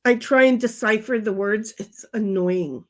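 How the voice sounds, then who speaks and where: A woman's voice: medium pitch, measured pace. An older woman hosting a casual livestream chat, reading out comments and rambling bluntly with some profanity.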